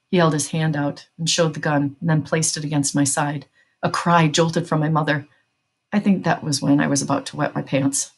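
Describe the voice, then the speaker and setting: A woman reading a novel aloud as narrator, in a tense, measured storytelling manner. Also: low-pitched, steady tone, slightly rough.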